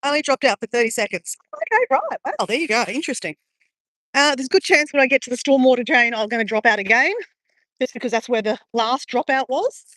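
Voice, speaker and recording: A woman's voice: on the high side, expressive, quick pace, fairly bright tone, dry recording, studio quality. A woman chatting to her live-stream viewers as she walks along a beach, rambling and greeting people by name. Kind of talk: casual live-stream chat. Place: outdoors on a beach.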